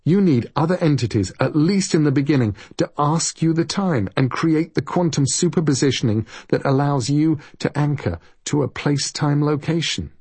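A man voices a quick-witted alien time traveller in a storybook, pitched up and energetic as he reels off theories. His tone is husky and warm-dark, close and dry. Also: no room sound. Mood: explaining. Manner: rapid, excited explaining. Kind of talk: audiobook reading.

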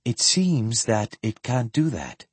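Calm, level-headed sorceress, read by a man in a husky voice for a fantasy audiobook. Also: mid-range voice, slow, dry recording, exaggerated voice. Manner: calm, explaining.

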